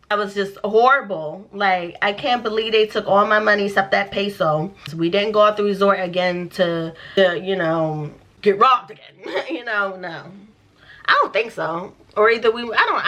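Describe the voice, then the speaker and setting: A young woman telling a storytime vlog, animated and profane, acting out what people said in slang. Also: mid-range voice. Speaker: vlogger.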